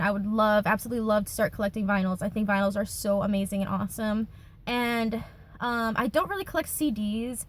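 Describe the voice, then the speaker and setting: A woman's voice: a little high, a bit bright. A woman in her twenties, chatting casually in a Q&A vlog from her car, with lots of fillers and giggles. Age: 20s. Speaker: YouTuber.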